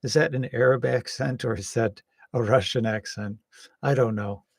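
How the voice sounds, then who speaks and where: A man giving casual, rambling political commentary, hesitant with many pauses and some wry jokes. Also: mid-range voice, steady tone, gravelly, no room sound, studio quality. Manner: wry and joking.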